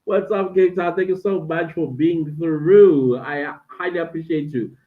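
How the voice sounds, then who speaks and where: A South African woman chats to her live-stream audience, animated and talkative. The sound is thin and tinny, like a phone line. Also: low voice, unhurried. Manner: animated, talks to viewers and reads out chat comments. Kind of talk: casual live-stream chat. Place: friend's indoor den at home.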